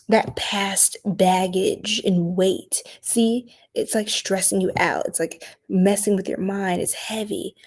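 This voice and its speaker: A tired woman giving a late-night live stream tarot reading, chatting playfully in slang and often dropping into soft whispers. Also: mid-range voice. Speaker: tarot reader.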